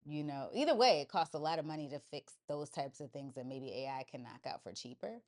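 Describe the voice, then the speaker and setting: A woman's voice: deep voice, brisk, darkish tone. A woman who works as a TV producer, co-hosting a casual podcast chat and explaining technical production details. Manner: explanatory, technical, thinking aloud.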